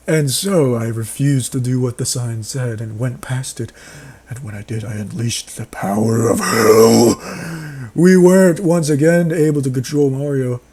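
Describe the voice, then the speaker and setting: Reading a horror story aloud, this man mocks it with sarcastic remarks, breaking into laughter and outbursts as both reader and commentator. His voice is mid-range and mellow, and he keeps a moderate pace.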